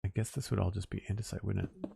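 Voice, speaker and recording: A man's voice: low voice, steady tone, racing, gravelly, dark tone, slight background noise. A man chatting casually on a live stream while he builds, musing aloud and chuckling at himself.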